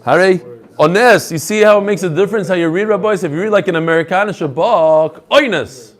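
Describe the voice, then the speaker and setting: Male rabbi, fairly high voice, lively lecturing style, mixes English with Hebrew and Aramaic terms. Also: fast talker. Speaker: rabbi teaching a daily Talmud class. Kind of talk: lively Talmud lecture to a live group.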